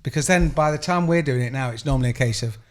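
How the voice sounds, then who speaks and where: A man's voice: mid-range voice, fast. A man chatting casually as a podcast co-host, rambling through stories and laughing often, at a table mic in a studio room. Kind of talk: casual chat. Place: studio room under bright lights.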